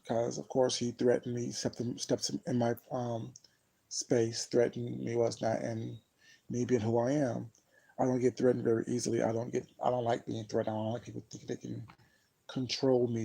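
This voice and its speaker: Gravelly man telling a story, rambling. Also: medium pitch, level tone, moderate pace, dark tone, low-quality recording. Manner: rambling, emphatic, frequent fillers like "you know what I'm saying". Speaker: vlogger. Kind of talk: casual storytelling to camera.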